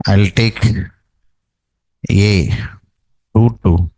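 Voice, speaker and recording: Slow coding teacher. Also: male voice, lowish voice, a little mellow, no room sound, low-quality recording. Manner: dictates code slowly, repeats "okay, right" and tag "no?". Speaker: programming teacher. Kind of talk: live coding lesson.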